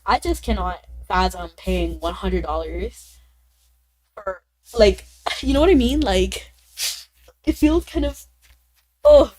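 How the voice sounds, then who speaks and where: A woman's voice: medium pitch, takes it slowly, pauses often, a little mellow. A woman livestreaming and chatting casually with viewers; she is sick and her voice sounds a little off, and she rambles with lots of "like" and small laughs. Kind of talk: casual stream chat reading viewer comments.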